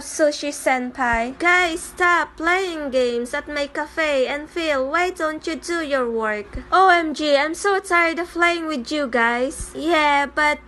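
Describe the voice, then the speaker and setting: A woman with a high voice performs a fan dub of a comic, taking every part herself. She moves from one character to the next in short exchanges and keeps an unhurried pace. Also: fairly bright tone. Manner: switches between many comic characters in quick bits of dialogue.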